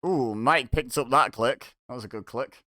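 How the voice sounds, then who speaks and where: A man's voice: medium pitch, moderate pace, pushed and bright, no room sound, clean studio sound. A man hosting a watch-along, giving casual, sarcastic reaction commentary and chuckling to himself.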